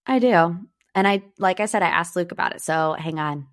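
A young woman from Northeast Ohio hosting a podcast, chatting about pop culture in a gossipy, animated way. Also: on the low side, fairly quick. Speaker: podcast host. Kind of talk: casual pop-culture chat.

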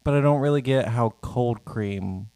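An agreeable man co-hosts a casual podcast, speaking in an average-pitched voice. The sound is dry and close. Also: measured pace, warm tone, dry recording. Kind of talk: casual review chat.

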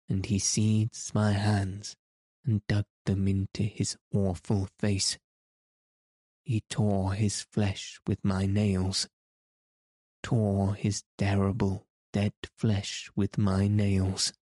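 A male audiobook narrator with a measured, solemn delivery. His voice is deep and dark and stays flat. The recording is close and dry. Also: dry recording.

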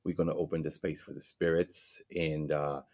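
A man hosting a spirit board session, speaking slowly and deliberately with frequent fillers. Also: extremely low pitch, flat delivery, darkish tone. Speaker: session host.

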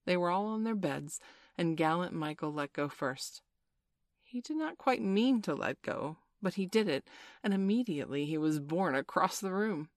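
A woman narrates a children's story aloud in a low, steady voice. Her telling is measured and gently playful, with little room sound around it. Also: no room sound, studio quality.

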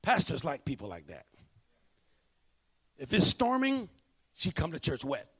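Man, pastor, sermon, high voice, storytelling, hushed then emphatic. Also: wildly swooping pitch, measured pace, husky. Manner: storytelling preacher, swings between hushed and emphatic.

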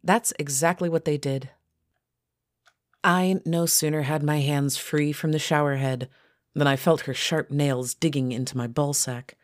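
A woman author narrating her own first-person story in a steady, low-key reading. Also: measured pace.

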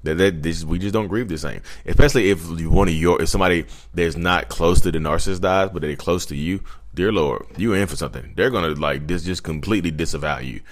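A man in his thirties with a notably low, deep voice talks to camera in a loose, rambling vlog monologue. He keeps checking in with "you know what I mean" and acts out bits of dialogue as he goes. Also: fast. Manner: loose and conversational, full of 'you know what I mean' and acted-out quotes. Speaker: vlogger talking about his own personality disorder. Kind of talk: casual storytelling monologue.

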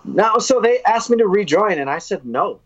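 A metal vocalist from the United States, guesting on a podcast, tells a long story candidly in a casual interview, swearing freely and acting out quoted lines. His voice is high and expressive at a normal speed. The lo-fi audio is dull, with slight background noise.

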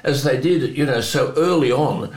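A man's voice: mid-range voice, darkish tone. Older aussie guy spinning stories on a talk show, laughs a lot, roomy echo. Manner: anecdotal, chuckling often, quick asides. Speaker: host. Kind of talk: conversational storytelling.

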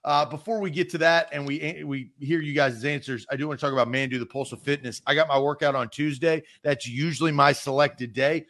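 Male sports stream host, slightly high voice, brisk and chatty, reads comments at auctioneer speed. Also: steady tone, a bit bright. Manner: quick, conversational, reads viewer comments rapid-fire. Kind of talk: live-streamed sports talk.

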